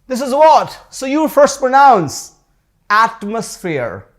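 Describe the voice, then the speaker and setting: A man with an Indian English accent teaching pronunciation in a classroom lesson. He says each model word slowly and carefully, then drops into quick asides in Hindi. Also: high-pitched, lively intonation, fairly bright tone. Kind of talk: classroom lesson, repeat-after-me drills.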